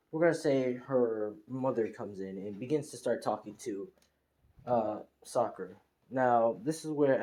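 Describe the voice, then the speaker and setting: A man's voice: mid-range voice, mellow, rough recording. A man casually retelling a fan-made story off the cuff, rambling with many fillers and restarts.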